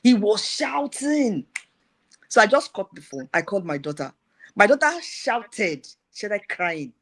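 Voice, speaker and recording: A middle-aged woman giving a personal testimony, retelling events in a lively way with repeated phrases. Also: mid-range voice, normal speed.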